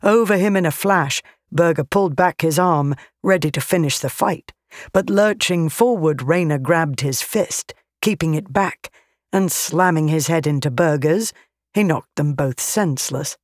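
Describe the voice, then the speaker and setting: An audiobook narrator reading a fantasy battle scene slowly and deliberately. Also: mid-range voice, no room sound, studio quality. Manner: slow, deliberate, even reading.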